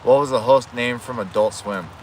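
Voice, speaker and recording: A man's voice: mid-range voice, moderate pace, a little hiss or hum. A man chatting casually on a livestream, rambling, correcting himself and swearing, outdoors at home.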